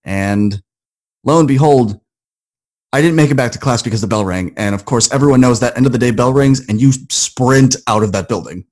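A man's voice: mid-range voice, normal speed, a little mellow. A man, a podcast guest, telling a personal story and acting out his quoted inner talk with rising emphasis.

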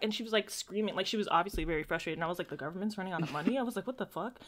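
A woman's voice: lowish voice, rapid-fire, few pauses. A woman in casual chat, telling stories and acting out quotes in big voices. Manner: animated storytelling, acts out quotes in big voices.

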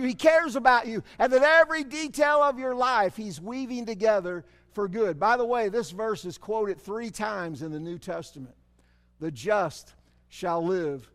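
A man preaching a sermon, asking the congregation rhetorical questions, with animated swells and sudden drops in loudness. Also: very high voice. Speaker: pastor. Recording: long hall reverb.

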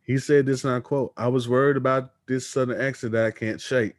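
A man talks wrestling in a relaxed podcast chat, reading out quotes in an easy, unhurried way. His voice sits at a middle pitch. The recording is dry and close, with no room sound. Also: no echo. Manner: reads news quotes aloud, easygoing. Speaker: podcast co-host.

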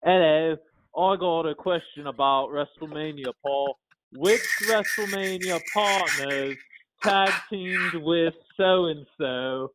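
A man's voice: a little high, slow pace, heavy background noise, pitched above the performer's own voice. A man doing a pushy radio caller. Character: pushy male radio caller asking trivia.

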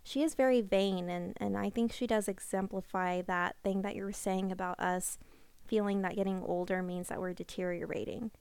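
A woman co-hosting a casual discussion podcast, retelling scenes in a chatty, animated way. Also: medium pitch, normal speed, vocal fry, smooth, no room sound. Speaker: podcast co-host.

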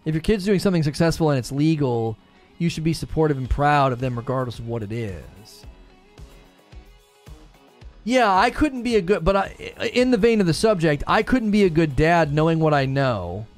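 A fairly high-voiced man giving a heated, impassioned commentary, circling back to repeat and restart his points. Faint music runs quietly behind him. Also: sing-song, normal speed. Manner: grows more heated and rises in pitch as he argues.

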